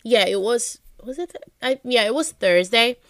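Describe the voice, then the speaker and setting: A woman's voice: a little high, animated, moderate pace, no room sound, clean studio sound. A woman co-hosting a podcast, telling stories in casual chat, with lots of "like" and frequent swearing. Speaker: podcast co-host.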